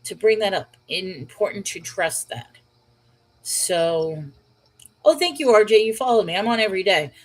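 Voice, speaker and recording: A woman's voice: medium pitch, animated, moderate pace, rough recording. A woman hosting a casual livestream about Bible study, reading viewer comments and thinking aloud with fillers and restarts. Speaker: livestream host reading chat.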